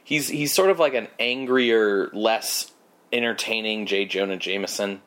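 A man's voice: on the low side, a little slow, a bit bright. A man co-hosting a podcast, rambling through a movie recap with lots of fillers and sarcastic asides. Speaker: podcast co-host. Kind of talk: casual movie recap chat.

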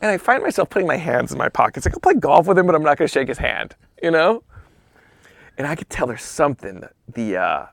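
A man casually telling a long, animated story on a podcast, dropping into whispers for asides. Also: a little high, fairly quick, vocal fry, no echo, clean studio sound.

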